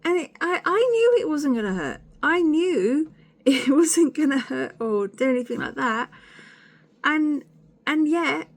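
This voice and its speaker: A woman's voice: high-pitched, very animated, unhurried. Chatty, sweary woman. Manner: chatty, sweary, self-deprecating, rambling with restarts. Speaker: vlogger. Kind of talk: candid casual chat to camera.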